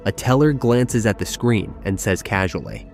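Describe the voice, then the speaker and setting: A man tells a true-crime style story in scripted narration, his voice sitting on the low side. He builds tension with clipped sentences and deliberate pauses. Quiet music plays underneath. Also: expressive, vocal fry. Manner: tense, measured storytelling with dramatic pauses. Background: background music.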